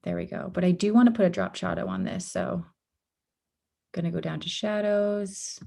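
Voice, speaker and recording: Female workshop instructor, mellow low voice, slightly strained from losing it, relaxed step-by-step screen-share teaching. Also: normal speed, gravelly. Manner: casual, step-by-step, with frequent ums and oopses. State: losing her voice. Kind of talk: live screen-share design tutorial.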